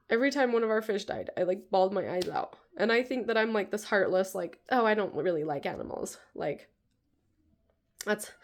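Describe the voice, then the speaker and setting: A woman in her thirties talks straight to her viewers in a loose, rambling vlog, leaning on "like" again and again. Her voice carries a lot of vocal fry and sounds raw with emotion, close to tears. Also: mid-range voice. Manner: rambling, heavy use of "like", tearful. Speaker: vlogger. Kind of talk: casual personal vlog.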